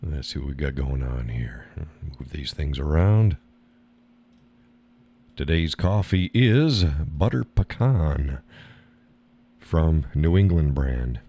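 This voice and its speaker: A deep-voiced American man hosts his live show at an unhurried pace, chatting loosely and chuckling as he reads out viewer comments. He sounds a bit tired and easygoing, wandering from point to point. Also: breathy edge. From United States. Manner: relaxed, rambling, laughs often. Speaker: live stream host. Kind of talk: casual chat reading viewer comments.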